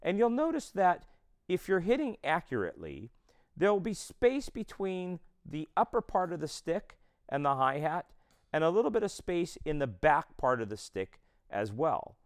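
Male drum instructor, clear smooth voice, lively pitch, methodical step-by-step delivery. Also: moderate pace. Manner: explains step by step, counts beats aloud.

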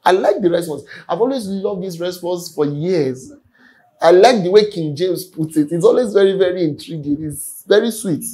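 A man's voice: sits high, lively intonation, moderate pace, warm tone, low-quality recording. A man preaching a sermon earnestly, often repeating his words. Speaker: pastor. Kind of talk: sermon teaching.

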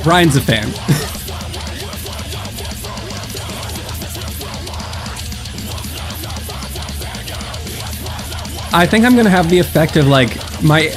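A young man with a stuffed-up nose, hosting a casual music reaction with excitable, musing commentary. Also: a little high. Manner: excitable, laughs often, muses aloud. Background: faint music.

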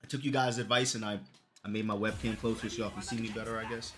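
A young man streaming live, chatting casually with viewers in a loose, profane, joking way that breaks into loud, high outbursts. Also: fairly even intonation, quick pace.

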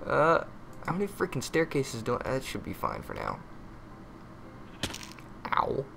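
A man's voice: mid-range voice, huge pitch swings, measured pace, gravelly, fairly bright tone, slight background noise. A man giving casual gameplay commentary, muttering to himself, yelping and cursing when frustrated, with crude jokes. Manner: muttering, easily frustrated, yelps and curses at the game; crude joking.

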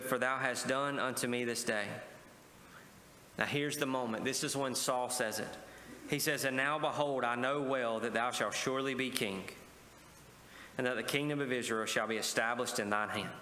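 A man's voice: medium pitch, normal speed, pauses often, sharp tone, slight background noise. A male pastor preaching a sermon, often asking the congregation to respond. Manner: preaching with call-and-response asides. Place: church sanctuary. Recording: echoey church hall with faint ambience.

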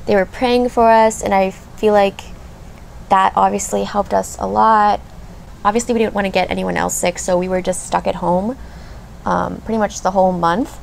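A beauty vlogger in her thirties does her makeup in a chatty get-ready-with-me video, her mid-range voice gravelly, fairly even and at normal speed, with slight background noise. She rambles and gushes, full of fillers.

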